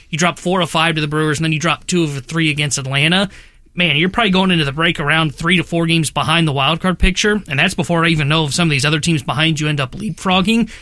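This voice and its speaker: Fast-talking man with a bright voice. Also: fairly high pitch, no room sound, clean studio sound. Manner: rapid, analytical, stacks up scenarios. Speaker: baseball podcast co-host. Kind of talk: casual sports talk.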